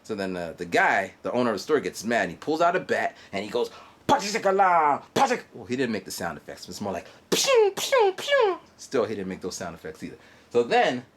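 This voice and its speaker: Animated, rambling man in his forties. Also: lowish voice, slightly rough. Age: 40s. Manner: halting, digressive storytelling with fillers and mouth sound effects. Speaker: vlogger. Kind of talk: rambling monologue. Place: guest house in Japan.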